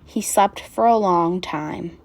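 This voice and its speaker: A woman reading a picture book aloud with gentle, expressive narration. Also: fairly low pitch, takes it slowly. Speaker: storyteller.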